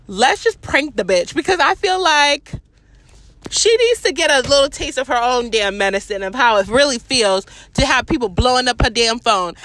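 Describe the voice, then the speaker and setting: A woman's voice: high voice, pushed and bright. A young woman who is sick, chatting casually from her car while driving, with blunt, profane, rambling talk. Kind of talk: casual chat. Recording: road noise from a moving car.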